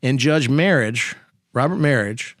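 Guy telling old case stories on a podcast, jokey and animated, dry sound. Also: medium pitch, unhurried, no room sound. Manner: animated storytelling with teasing jokes. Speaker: lawyer and state senator. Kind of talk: podcast conversation.

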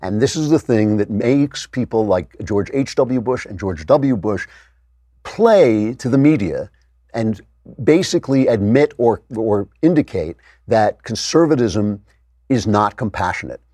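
A man's voice: lowish voice, lively intonation, measured pace, warm tone, no room sound. A middle-aged man giving an opinionated political monologue as host, sarcastic, often mocking others in a raised voice.

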